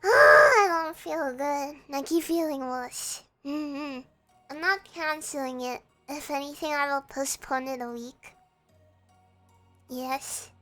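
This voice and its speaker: A young woman streaming, with a hoarse, croaky voice, chatting hesitantly and reading viewer messages aloud. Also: high voice, a bit bright. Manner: slow, hesitant, reads chat aloud and answers. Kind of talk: casual chat with viewers.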